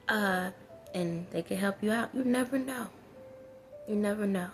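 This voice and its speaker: A woman's voice: mid-range voice, steady tone, moderate pace, faint music behind. A woman vlogger giving casual life advice straight to her viewers, preachy and repetitive. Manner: preachy, talks straight to viewers, repeats key phrases. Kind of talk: casual spoken pep talk.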